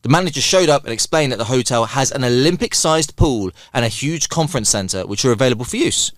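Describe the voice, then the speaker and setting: A man as guest on a comedy podcast, reacting loudly and reading a joke aloud. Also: medium pitch, expressive, fast, no echo, clean studio sound. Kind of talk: casual chat and joke reading.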